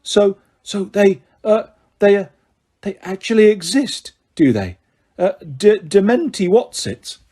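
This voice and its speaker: A man's voice: high voice, very animated, a little fast, darkish tone, husky, pitched above the performer's own voice, heavily acted. Uncle Vernon, a man doing a bellowing bully. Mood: blustering. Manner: bellowing, raging. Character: blustering bullying middle-aged uncle.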